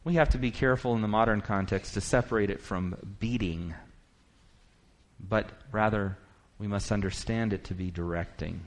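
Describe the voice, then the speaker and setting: A man preaching a sermon, moving from quiet, reflective musing to rising, emphatic declaration, and reading scripture aloud in quick bursts. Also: fairly low pitch, fairly even intonation.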